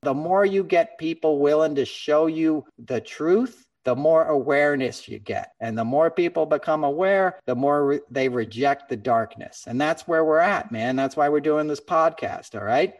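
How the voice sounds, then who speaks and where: A man's voice: fairly high pitch, normal speed, hardly any pauses. Podcast host, male, earnest and impassioned, mic a little distant. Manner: earnest and impassioned, calls his co-host man and brother. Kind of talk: casual podcast chat.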